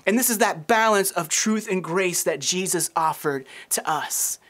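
A man's voice: sits high, unhurried, fairly bright tone. A man in his thirties, a pastor preaching a sermon, telling stories and acting out the voices of people in them. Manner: storytelling, acts out quoted voices.

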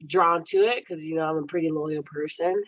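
A young woman from Texas talks casually as a podcast guest, laughing easily between her sentences. When she retells what someone said, she jumps up into a high, playful voice. The recording sounds a little dull and lo-fi, with a dry, close sound and no room echo. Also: fairly quick. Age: young adult. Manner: giggly, laughs often between phrases. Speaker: podcast guest, Olympic wrestler. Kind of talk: casual interview chat.

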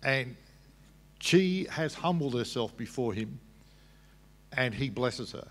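A man's voice: mid-range voice, animated. Man explaining scripture in a reverberant hall. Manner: explains scripture patiently, halting restarts. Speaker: debater. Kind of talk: public debate answer.

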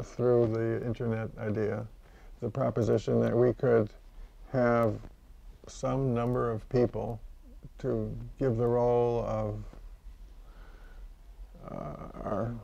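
A man hosting an interview, talking casually in a halting way as he searches for words, with small laughs along the way. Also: medium pitch, gravelly, a little mellow, highs cut off. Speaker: interview host. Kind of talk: casual conversation.

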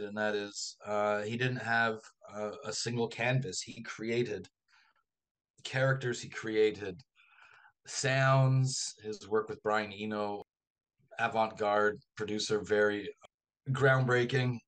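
A male author, a guest on a radio interview, telling a long anecdote in a lively raconteur's manner. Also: on the low side. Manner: lively raconteur, acts out quoted voices.

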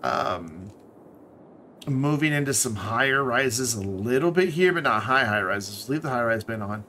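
A man streaming himself playing a city-building game, talking casually in a relaxed, rambling way and trailing off into muttered asides. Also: medium pitch, unhurried, a little hiss or hum.

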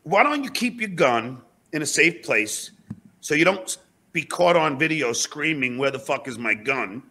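A man's voice: on the high side, animated, normal speed, gravelly, sharp tone. A man in a recorded clip, speaking hesitantly and evasively, hedging as he goes. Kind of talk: recorded video clip played on a show.

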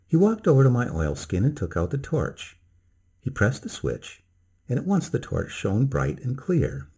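Male storyteller for a bedtime tale, mellow and husky, dramatic first-person delivery. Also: low-pitched, big pitch swings. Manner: slow, measured, dramatic first-person telling. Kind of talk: scripted narration of a bedtime story.

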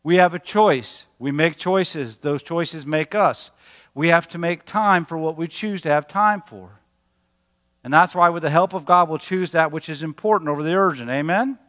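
A man, a pastor, preaching a sermon in a lively, animated way and acting out quoted voices. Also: a little high, moderate pace. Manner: animated, acts out quotes with a raised voice. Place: church sanctuary. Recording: large church hall with long reverb.

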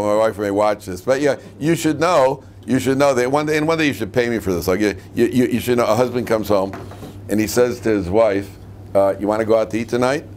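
A man's voice: lowish voice, darkish tone, a little hiss or hum. A middle-aged man, a rabbi, giving a humorous lecture to a class of students and tossing questions at them. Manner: joking, asks the class questions.

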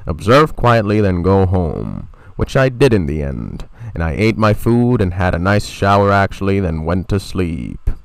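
A man telling a short spoken story in a wry, deadpan, self-mocking way. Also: deep voice, unhurried, creaky, hardly any pauses, smooth, no room sound. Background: soft guitar music.

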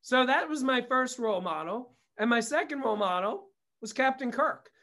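A middle-aged comedy producer and director, guesting on an interview show, tells family stories candidly and casually, swearing freely and drifting into tangents. His voice is very high-pitched, bright, and forceful, animated at a normal speed.

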